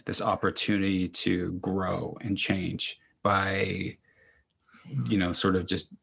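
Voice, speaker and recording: A man's voice: sits low, flat delivery, slow pace, gravelly, a bit bright, husky. A man hosting a podcast, chatting loosely and rambling with lots of fillers. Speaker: podcast host. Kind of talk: casual interview chat.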